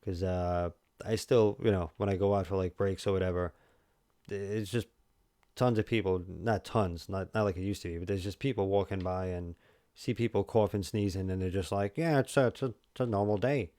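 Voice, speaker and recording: A man's voice: deep voice, normal speed, warm tone, no echo, studio quality. A man with a New York accent, chatting casually to his viewers while streaming a game, rambling with lots of fillers and restarts. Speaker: livestream host. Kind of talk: casual livestream chat.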